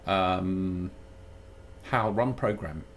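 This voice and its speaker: A man streaming live while programming, thinking aloud in a halting way that keeps breaking off mid-sentence. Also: sits low, slight background noise. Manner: halting, self-interrupting, muttering while working.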